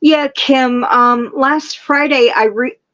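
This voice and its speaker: A woman hosting a casual livestream, chatting and gushing with excitement. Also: high voice, slow, lo-fi sound. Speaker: livestream host. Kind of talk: casual chat.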